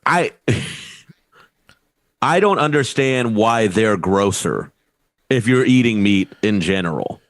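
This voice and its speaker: A man's voice: on the low side, animated, takes it slowly, pauses often, no echo. Rambling laughing man on a podcast. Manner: rambling, laughs while talking, swears. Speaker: podcast co-host. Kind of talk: casual comedic chat.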